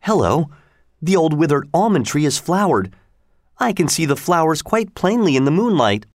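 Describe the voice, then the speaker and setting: A man doing high, shrill young twin boys, shouting with excitement in a storybook. The voices jump far above his own and ring louder, in a dry, close recording. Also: normal speed, no room sound. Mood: excited.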